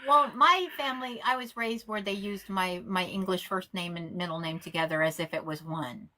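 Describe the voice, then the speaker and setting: A woman's voice: fairly low pitch, moderate pace, bright, forceful tone. A woman who is a rabbi, chatting on a live call-in stream with blunt, sarcastic, profane remarks.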